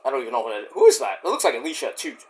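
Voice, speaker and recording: A man's voice: mid-range voice, rapid-fire. A man giving a casual, profane recap of a wrestling show, acting out the wrestlers' lines as he goes. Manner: profane, excitable, acts out quotes. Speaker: wrestling reviewer.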